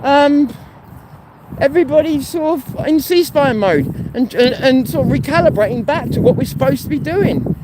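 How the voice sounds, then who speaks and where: A man's voice: extremely high pitch, expressive, normal speed. A man hosting a casual live stream while walking outdoors, talking in a rambling, blunt way and swearing freely. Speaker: host. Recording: street noise and traffic behind.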